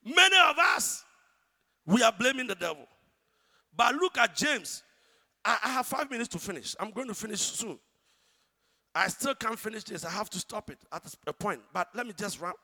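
A man with a Ghanaian accent preaching a sermon, shouting one moment and hushed the next. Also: sits high, big pitch swings, normal speed. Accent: Ghanaian English. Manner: dramatic, swings from shouting to hushed. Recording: church hall reverb.

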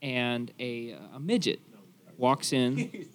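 A man's voice: medium pitch, slow pace, slight background noise. A man, a podcast guest, telling a joke story in casual banter and laughing along. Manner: laughs at own jokes, tells stories.

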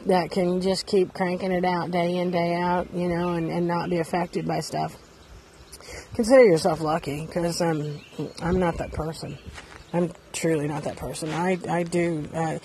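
A woman's voice: fairly low pitch, steady tone, unhurried, darkish tone, slight background noise. A woman hosting a casual monologue podcast, talking candidly and rambling, sitting outdoors beside her bus. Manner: rambling, candid, self-deprecating. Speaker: podcast host.

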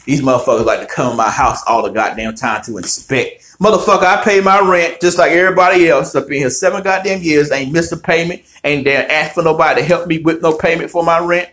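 A man's voice: on the high side, a little fast, few pauses. Profane ranting man. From North Carolina, US. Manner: heavy cursing, animated ranting. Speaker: podcast host. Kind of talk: profane solo podcast rant.

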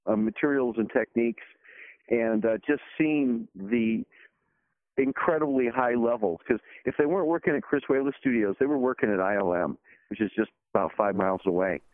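A man's voice: mid-range voice, normal speed. A man talking casually as a podcast guest about his special effects work, rambling with many fillers. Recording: tinny phone-like line, dry.

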